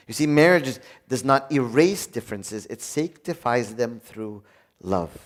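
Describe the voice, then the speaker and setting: Speaking a little slowly in a medium-pitched voice, a preacher delivers a sermon about marriage. He jokes with the congregation and animatedly performs short dialogues.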